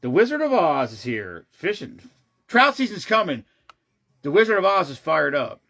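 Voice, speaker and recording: A man's voice: on the high side, very animated, normal speed, creaky, fairly bright tone, soft background music. Rambling man in casual chat. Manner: rambling, profane, restarts sentences often. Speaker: show regular.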